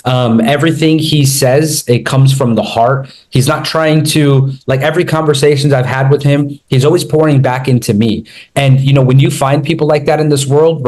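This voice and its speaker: Male host, mid-pitched, earnest and heartfelt intro. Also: darkish tone, low-quality recording. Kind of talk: live stream introduction.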